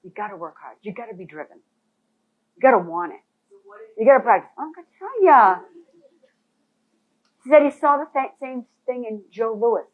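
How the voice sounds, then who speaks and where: A woman whose voice is on the high side speaks at a moderate pace and pauses often while leading a real estate boot camp. Her manner is animated and emphatic, addressed directly to the audience, and the audio is thin and phone-like.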